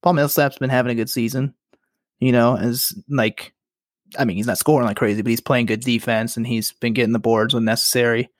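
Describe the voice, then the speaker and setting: A young man co-hosting a podcast, talking basketball in a relaxed, agreeable way, full of "like" and "you know". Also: mid-range voice, a little fast, no room sound, studio quality. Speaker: podcast co-host. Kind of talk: casual sports chat.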